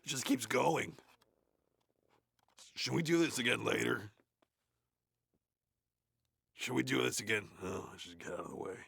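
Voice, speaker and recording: Nathan Explosion, a gravelly metal growl. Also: male voice, mid-range voice, expressive, measured pace, pauses often, a bit bright, dry recording, heavily acted. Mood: bored. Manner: bored, crude, swearing, mumbling asides. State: sore throat. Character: gruff, grumbling male death metal frontman. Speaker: reader of a play. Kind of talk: comedic in-character reading.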